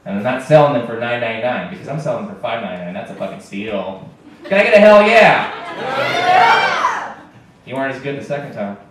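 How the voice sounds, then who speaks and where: A man performing a stand-up comedy set, deadpan, with bursts of mock shouting. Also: medium pitch. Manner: deadpan joke delivery, jumps to loud mock-shouting. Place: comedy club stage. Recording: echoey club taped from far off with faint hiss.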